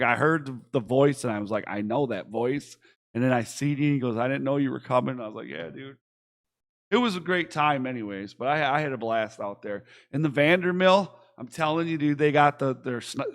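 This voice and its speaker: A young man from Michigan co-hosting a casual podcast, rambling excitedly and swearing freely. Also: a little high. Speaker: podcast co-host. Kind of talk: casual chat.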